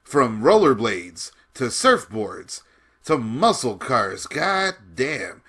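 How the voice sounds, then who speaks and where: A man's voice: mid-range voice, sing-song, takes it slowly, bright, forceful tone. A man giving casual film commentary with enthusiasm, often laughing as he talks. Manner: enthusiastic, laughs while talking.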